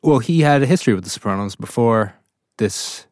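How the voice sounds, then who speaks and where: A man's voice: mid-range voice, brisk, no echo, clean studio sound. A man as a guest on a podcast, good-humored, telling stories in casual chat. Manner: good-humored, animated storyteller.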